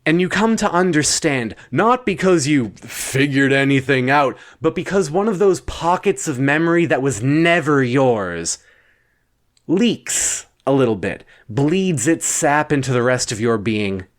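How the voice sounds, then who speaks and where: A man telling an absurd second-person bedtime story in a deadpan, wandering way. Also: medium pitch. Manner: slow, deadpan, wandering delivery.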